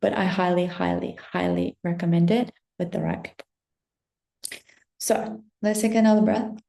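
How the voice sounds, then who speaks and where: A woman's voice: on the low side, steady tone, normal speed, creaky, dark tone, echoey room. A woman coach giving a casual motivational pep talk, full of encouraging rhetorical questions and the odd swear word. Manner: casual, swears now and then.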